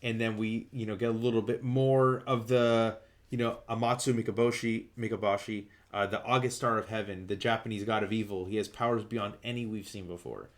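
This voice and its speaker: A man hosting a comic book podcast, retelling a story in a loose, excited way, full of fillers and restarts. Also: on the low side, brisk. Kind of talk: casual comic book recap.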